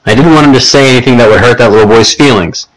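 A man's voice: mid-range voice, quick pace, lightly acted, poor audio. A man voicing a firm, caring woman babysitter who scolds the boys in an audiobook. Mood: earnest.

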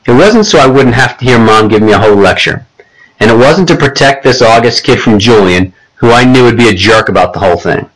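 A man's voice: medium pitch, poor audio. A man reading a first-person novel aloud as an audiobook. His voice sits in the middle range, and his telling is casual and conversational. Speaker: audiobook narrator.

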